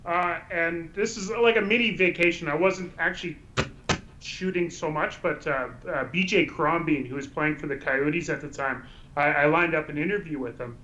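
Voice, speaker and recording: A man telling stories as a guest in a casual chat, animated and full of restarts. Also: fairly high pitch, normal speed, slight background noise, rough recording. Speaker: guest documentary filmmaker. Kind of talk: casual storytelling in a podcast chat.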